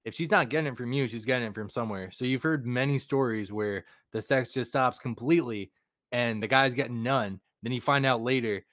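A man's voice: mid-range voice, brisk, a bit bright, dry recording. Joking podcast dude, dry sound, laughs at his own bits. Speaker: podcast co-host. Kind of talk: casual chat.

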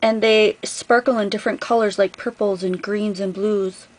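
A woman's voice: medium pitch, steady tone, moderate pace, slight background noise, poor audio. A woman craft vlogger opening a gift package on camera, gushing over each item in a casual, effusive way. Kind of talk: casual unboxing vlog.

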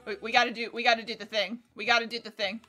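Chatting casually during her game livestream, this woman rambles, curses freely and addresses both herself and the game. Her bright, somewhat high voice has little pitch movement and comes out rapid-fire, over soft, quiet game music.

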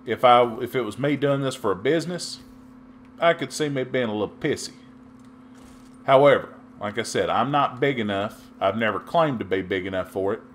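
A middle-aged man from Texas giving casual, rambling commentary over his gameplay, chatty with sudden loud outbursts. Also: mid-range voice, moderate pace, slight background noise. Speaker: gaming YouTuber.

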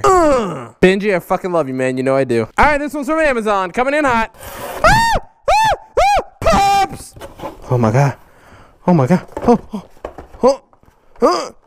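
A man in his twenties opening fan mail on his vlog, loud, hyper and goofy, jumping between high yelps and low growls. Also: clear, resonant tone, no room sound. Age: 20s. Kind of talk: casual vlog chat.

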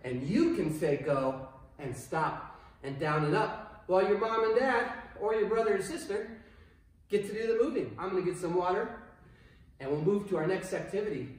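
A man teaching kindergartners a PE class online, speaking slowly and clearly with playful encouragement. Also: high voice. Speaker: kindergarten PE coach. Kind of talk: online PE lesson for children. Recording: echoey room from far off.

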